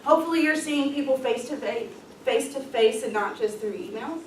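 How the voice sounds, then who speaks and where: A woman's voice: high-pitched, animated, normal speed, slight background noise. Upbeat woman leading a workshop. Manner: upbeat, casual, frequent ums and light laughs. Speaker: workshop presenter. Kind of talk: leadership workshop talk. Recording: echoey room, voice from far off.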